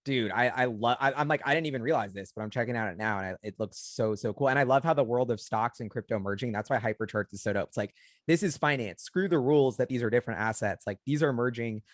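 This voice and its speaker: A man's voice: mid-range voice, quick pace, no echo, clean studio sound. A man hosting a casual interview, enthusiastic and slangy. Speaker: host.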